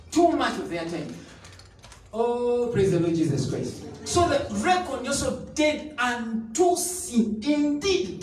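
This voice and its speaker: A man's voice: very high-pitched, far from the mic. A man preaching a sermon, emphatic and repetitive, now and then breaking into tongues or sung phrases. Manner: emphatic, repeats key phrases, bursts into tongues and sung lines. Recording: echoey room, voice somewhat off the mic, faint noise.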